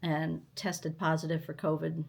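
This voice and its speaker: Low, slow-talking older woman vlogger. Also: flat delivery, vocal fry. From United States. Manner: chatty, rambling, unhurried. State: tired, recovering from illness. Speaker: stitching channel host. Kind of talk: casual vlog chat. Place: at home.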